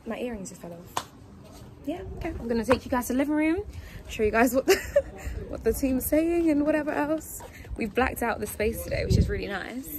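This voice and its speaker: A young woman, chatting excitedly on a phone camera at home as a vlogger, gushing and slangy. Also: high-pitched, fairly quick. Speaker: vlogger and interviewer. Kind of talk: casual vlog chat. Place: at home, indoors. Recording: echoey room with background noise.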